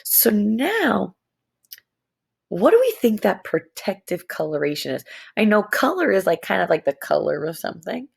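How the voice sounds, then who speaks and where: A young adult woman teaching a lesson to young students, playful and animated, stretching words out. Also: mid-range voice, moderate pace, vocal fry, slightly rough.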